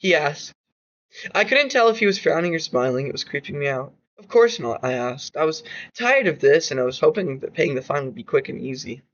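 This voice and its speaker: A man's voice: on the high side, expressive, brisk, a bit bright, dull audio. A man narrating his own horror story in an amateur reading, with slips and restarts.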